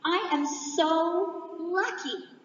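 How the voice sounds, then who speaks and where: A woman with a high voice takes her time, drawing the audience into a playful motivational speech. She sounds far from the microphone in a large, echoing hall, and the sound is a little dull. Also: very slow, slight background noise. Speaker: conference speaker.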